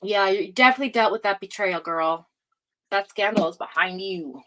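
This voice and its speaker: Heavy background noise surrounds a woman with a mid-range voice and moderate pace as she hosts a live tarot reading. Warm and talkative, she calls viewers pet names like "cutie pie," wandering off track with frequent fillers and false starts.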